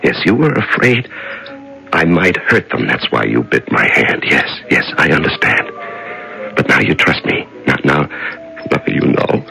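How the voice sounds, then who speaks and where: An actor playing a haggard prisoner just out of solitary confinement, stammering and pleading, in a 1970s radio drama. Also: male voice, a bass voice, lively intonation, unhurried, gravelly, pushed and bright, soft background music, exaggerated voice, low-quality recording. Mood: tearful.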